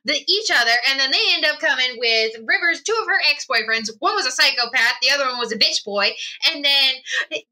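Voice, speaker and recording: A woman runs through a tabletop campaign recap in loose, rambling chat. She laughs often and piles on fillers. Her voice sits a little high and rings very bright. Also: lively intonation, a little fast. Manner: rambling and giggly, with many fillers and asides. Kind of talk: casual tabletop game recap.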